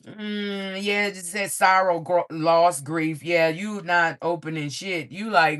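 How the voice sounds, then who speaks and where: A man giving a livestream tarot reading to his viewers in a loose, profane, animated way, laughing often and ending many lines with "okay?". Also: sits high, takes it slowly, few pauses. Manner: profane, frequent "okay?" check-ins. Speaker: tarot reader.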